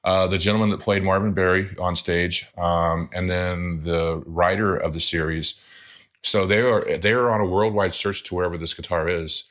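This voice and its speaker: A man with a very low, deep voice co-hosts a casual talk show. He wanders through his points with small self-corrections. He speaks in an easygoing, conversational way. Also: fairly even intonation, moderate pace, a bit bright. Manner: rambling, self-correcting, drinking beer on air. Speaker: podcast co-host. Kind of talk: casual chat.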